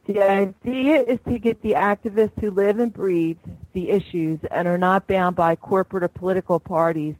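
A woman's voice: fairly low pitch, a little mellow, no room sound, low-quality recording. A woman hosting a live internet talk radio show, chatty and gushing, laughing often between remarks.

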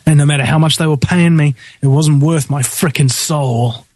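A husky, slightly high-pitched man hosts a talk radio show. He rants bluntly and speeds up in heated bursts. The sound is dry and close to the mic. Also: darkish tone, no echo. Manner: blunt, ranting, fast bursts. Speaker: radio host. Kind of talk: impassioned radio monologue.

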